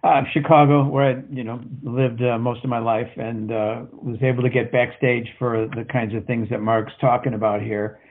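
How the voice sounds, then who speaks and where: A man's voice: mid-range voice, level tone. An older American man chatting casually, hesitant and full of fillers. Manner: halting, with many fillers. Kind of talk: casual chat. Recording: phone-like narrow audio.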